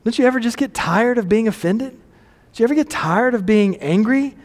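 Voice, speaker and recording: Pastor, male, high tenor, casual sermon delivery with questions to the crowd, long hall reverb. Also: expressive, moderate pace. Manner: conversational, self-deprecating, asks the audience questions.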